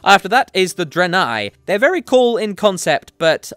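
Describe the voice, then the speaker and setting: A man's voice: high-pitched, sing-song, normal speed, a bit bright, no echo, soft background music. A man hosting a gaming show, giving his opinions in a casual, jokey way with apologetic asides. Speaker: gaming commentary host. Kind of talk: casual solo opinion talk.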